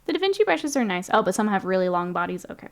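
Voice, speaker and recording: A woman's voice: medium pitch, very animated, very fast. A young woman streaming her miniature painting, chatting casually, reading chat aloud and laughing often.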